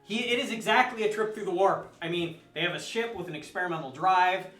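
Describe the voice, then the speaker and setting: A man co-hosting a casual live-streamed talk show, chatting in an animated way with sound effects and silly voices. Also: sits high, fast talker, reverberant, faint music behind. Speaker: podcast co-host. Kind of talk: casual chat.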